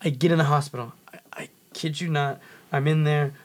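A man with a high, light voice and a Californian accent tells a wild story in loose, casual talk. He swears freely and slips into the voices of the people he describes, with plenty of frantic energy. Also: fairly even intonation, brisk. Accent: Californian English. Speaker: podcast guest.

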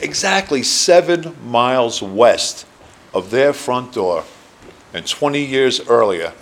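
A man in his sixties with a New Jersey accent tells his story to a room of listeners. He rambles earnestly and drops fillers as he goes. His pitch sits in a plain, middle range. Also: a bit bright. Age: 60s. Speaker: recovery meeting speaker. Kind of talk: personal testimony talk. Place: meeting room.

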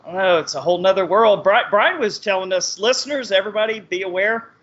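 A man hosting a podcast, chatting casually with energetic, profane banter and frequent laughs. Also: high voice, fast. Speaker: podcast host. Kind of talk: casual chat. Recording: dull lo-fi sound.

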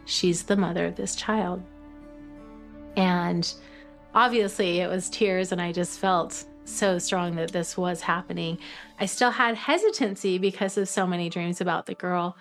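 A middle-aged woman sharing a personal adoption story in a documentary interview, halting with fillers and tearing up at moments. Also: on the low side, fairly even intonation, faint music behind. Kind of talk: emotional personal testimony.

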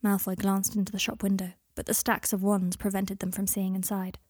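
A woman reading a story aloud in a calm, even storytelling manner. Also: mid-range voice, a little fast, no room sound, studio quality. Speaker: audiobook reader. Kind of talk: scripted narration.

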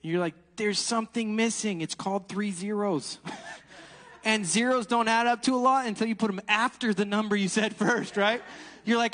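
A man preaching a sermon, animated and laughing, swinging between loud exclamations and hushed asides. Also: high-pitched, a little fast, long reverb tail.

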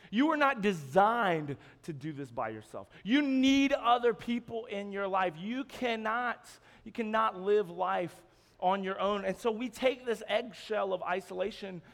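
High-voiced young man preaching, hall reverb. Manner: energetic, jokey storytelling, swings from quiet to loud. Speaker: youth pastor. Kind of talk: animated sermon with acted-out dialogue. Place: church hall.

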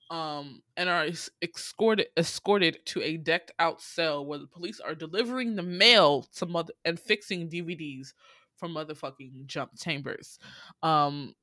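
A young adult podcaster talks through a movie plot in a loose, rambling way, with plenty of swearing, fillers and bursts of laughter. The voice sits at a middle pitch and is recorded up close with almost no room sound. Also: bright, forceful tone, no room sound. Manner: swears freely, laughs often, quotes characters; rambling, many fillers and asides. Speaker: film recap podcaster. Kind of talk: casual profane movie recap.

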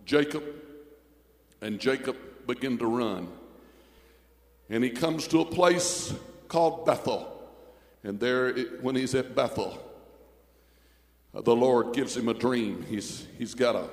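Fervent preacher man in echoey church. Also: medium pitch. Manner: fervent preaching that climbs to shouts. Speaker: pastor. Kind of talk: sermon.

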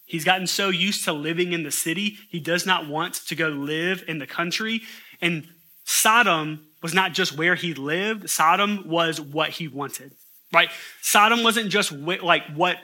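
A man preaching a sermon to his church, reading scripture aloud and breaking into animated, incredulous asides. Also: fairly high pitch, a little slow. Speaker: pastor.

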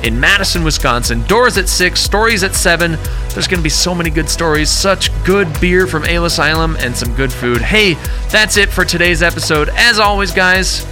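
A man's voice: a little high, expressive, moderate pace, over music. A male podcast host from the giving casual, rambling announcements at the end of an episode. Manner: friendly, rambling, uses fillers.

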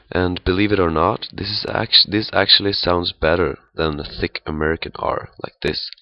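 A man giving a pronunciation lesson, speaking haltingly with many fillers and repeating sounds to demonstrate. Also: sits low, steady tone, no room sound, highs cut off. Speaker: language teacher.

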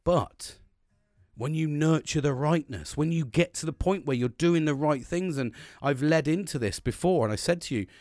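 A man's voice: on the high side, moderate pace, a little mellow, no echo, clean studio sound. A man giving a casual motivational talk, rambling and earnest, with a lot of swearing.

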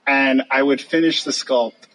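An older man, a puppet sculptor, telling lively anecdotes over slides with a husky voice, mimicking others and laughing often. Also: mid-range voice, unhurried, poor audio.

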